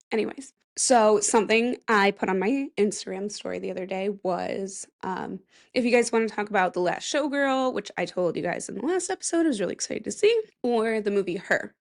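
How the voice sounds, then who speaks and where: Chatty young woman podcaster, rambling solo. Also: fairly high pitch. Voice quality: voice cracks now and then. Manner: chatty, rambling, self-mocking asides. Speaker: podcast host. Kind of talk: casual solo podcast chat.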